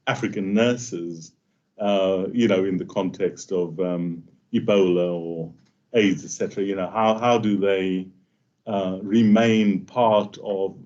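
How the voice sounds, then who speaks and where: A man giving a halting academic seminar talk, full of fillers and restarts, over muffled online call audio. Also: low voice, steady tone, a little mellow. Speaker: invited speaker.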